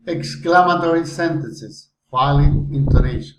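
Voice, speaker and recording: Slow careful man reading drills. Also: mid-range voice, slight background noise. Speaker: phonetics student. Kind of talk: reading pronunciation drill aloud. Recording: dull echoey room recording.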